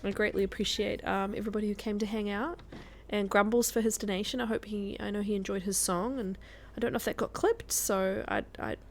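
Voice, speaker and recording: A woman's voice: mid-range voice, fairly even intonation, a little fast, hardly any pauses, a little hiss or hum. A woman chatting casually as a guest streamer while she plays a survival game, laughing often. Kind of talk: casual gameplay commentary.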